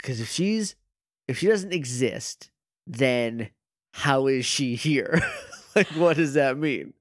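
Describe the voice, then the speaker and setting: A man co-hosts a casual podcast, tossing out wry jokes and puzzled questions. His voice sits in a middle pitch, and it is recorded dry and close. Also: animated, takes it slowly, no echo. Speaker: podcast co-host. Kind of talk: casual chat.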